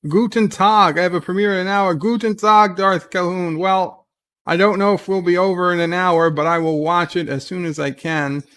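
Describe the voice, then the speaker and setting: A man hosting a laid-back livestream, chatting through viewer messages. His voice sits a little high for a man. He rambles, restarts his sentences and drops sardonic jokes. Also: fairly even intonation, normal speed, fairly bright tone, smooth. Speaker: livestream host. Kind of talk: casual livestream chat reading viewer messages.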